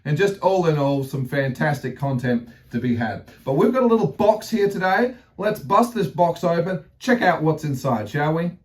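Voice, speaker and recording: A man's voice: fairly high pitch, expressive, moderate pace, few pauses. A man hosting a model railway unboxing vlog, chatty and enthusiastic, with theatrical exclamations. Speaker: model railway channel host.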